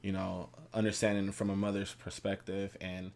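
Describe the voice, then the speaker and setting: A man's voice: sits low, flat delivery, moderate pace, gravelly, a little mellow. Young male vlogger, easygoing and reflective, casual delivery. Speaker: vlogger and husband. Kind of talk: casual chat with his wife.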